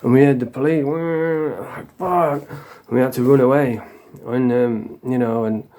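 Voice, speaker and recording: Speaking at a moderate pace with fairly even intonation, this middle-aged man from England has a dark-toned, medium-pitched voice. He's a vlogger recounting his own story casually, bluntly, and confessionally, swearing as he goes.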